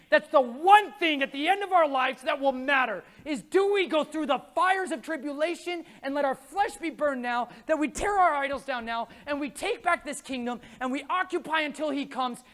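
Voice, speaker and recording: A man speaking at a conference, preaching with passion in casual slang. He swings from hushed asides to shouted pleas. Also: extremely high pitch, fairly quick. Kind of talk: impassioned religious talk. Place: conference stage.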